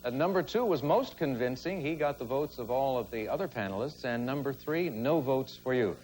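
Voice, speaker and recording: A man hosting a game show with brisk, formal announcing. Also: mid-range voice, animated, darkish tone, rough recording. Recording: studio audience noise.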